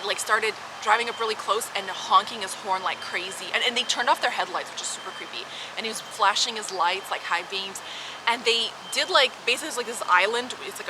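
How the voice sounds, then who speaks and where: A young woman speaks to camera like she's catching up with a friend, frank and animated, with easy swearing and quick laughs. Her voice sits at an ordinary middle height for a woman. Steady noise and passing traffic hum behind her. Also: medium pitch. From Canada. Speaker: vlogger. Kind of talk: casual storytelling to camera.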